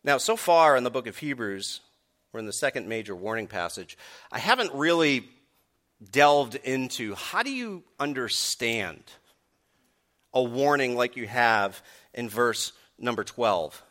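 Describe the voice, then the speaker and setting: Male pastor, sermon delivery, bright forceful tone, swings from calm teaching to emphatic punches. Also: medium pitch, a little slow. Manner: emphatic, rising to forceful peaks on key points.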